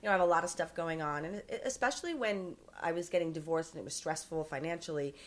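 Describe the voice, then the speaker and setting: A woman's voice: deep voice, fast. A middle-aged woman guest on a podcast who earnestly shares parenting advice from her own life. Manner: reflective, earnest advice-giver. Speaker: guest, author and filmmaker. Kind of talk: casual interview talk.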